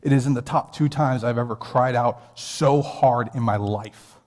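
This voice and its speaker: A man's voice: mid-range voice, normal speed, a little mellow. A man in his thirties with an American accent, preaching a sermon as a pastor and telling a personal story in an earnest, conversational way. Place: church sanctuary. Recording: long hall reverb.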